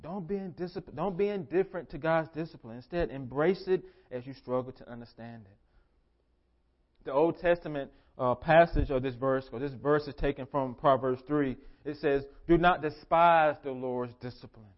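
A male pastor preaching with emphatic repetition, his voice sitting a bit high for a man. He swings from quiet, low moments to loud, pressing lines. The recording sounds dull and low-fidelity. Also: moderate pace. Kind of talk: sermon.

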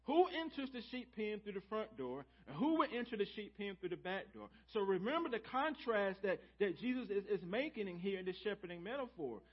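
In a church sanctuary, a male pastor preaches a sermon, calling out to the congregation and repeating key phrases for emphasis in a call-and-response style. His high-pitched, husky voice is sing-song and fairly quick, with few pauses, and the audio is dull.

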